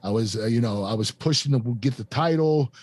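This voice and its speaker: A former pro wrestler from the United States, a man in his fifties, tells a painful personal story as a podcast guest, halting and emotional with many fillers and restarts. His mid-range voice has a darkish tone, and there's no room sound.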